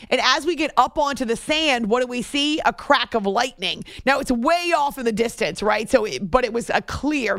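Chatty woman radio host with gravelly edge. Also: on the high side, no echo, clean studio sound. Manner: chatty, animated, laughs easily. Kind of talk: casual storytelling on a radio show.

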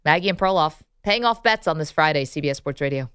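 A woman co-hosting a sports talk radio show from the studio, bantering and laughing between segments. Her voice is a little low and smooth. The sound is close and dry. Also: expressive, fast, fairly bright tone, dry recording. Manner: laughs often, reads phone numbers and plugs.

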